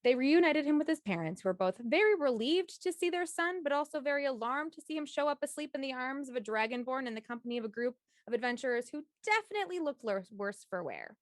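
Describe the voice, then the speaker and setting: A woman's voice: high voice, expressive, fast talker, hardly any pauses, no echo, clean studio sound. Upbeat woman reading a game recap. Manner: upbeat, stumbles and corrects herself while reading. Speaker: player giving the session recap. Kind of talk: read-aloud recap of a tabletop game.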